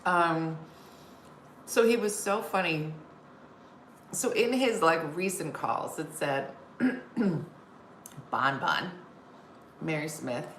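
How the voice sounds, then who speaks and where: A woman's voice: sits low, extremely slow, pauses often, fairly bright tone. Chatty woman comedian in a roomy space. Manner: chatty storyteller reading viewer comments aloud. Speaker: comedian hosting a live show. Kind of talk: casual live-stream chat. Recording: roomy sound with faint background noise.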